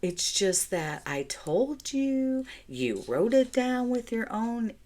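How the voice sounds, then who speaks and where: A woman imitating her middle-aged husband, stretching out his slow, mock-calm words. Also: on the high side, voice pushed up. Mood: patiently puzzled. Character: patient, puzzled husband, middle-aged man.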